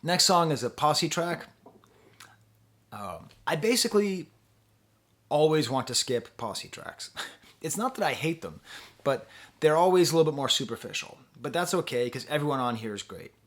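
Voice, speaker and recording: A man's voice: a little high, lively intonation, moderate pace, long pauses, a bit bright. A man giving a casual spoken album review, musing and hesitant, often laughing between thoughts. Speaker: music reviewer.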